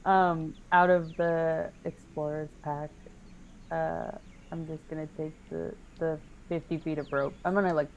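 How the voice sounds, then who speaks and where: A woman's voice: deep voice, little pitch movement, measured pace, darkish tone, highs cut off, a little hiss or hum. A woman taking part as a player in a tabletop game, talking casually and swearing now and then. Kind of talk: casual play talk.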